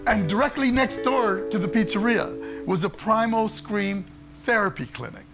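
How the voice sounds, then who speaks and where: An older man telling a true story on stage in an animated way, often laughing between lines. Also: high-pitched, normal speed, over music. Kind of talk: theatrical solo storytelling.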